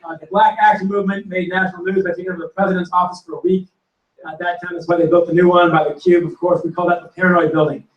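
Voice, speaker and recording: High-voiced man telling stories. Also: quick pace, highs cut off. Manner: animated anecdotes, acting out quotes and punchlines. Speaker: panelist telling football history stories. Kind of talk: storytelling to a live audience. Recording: roomy hall recording from a distance.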